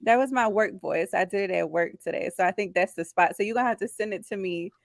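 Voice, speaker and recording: A woman co-host chatting casually in an offhand, relaxed way. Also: medium pitch, quick pace, creaky, dry recording, studio quality. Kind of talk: casual chat.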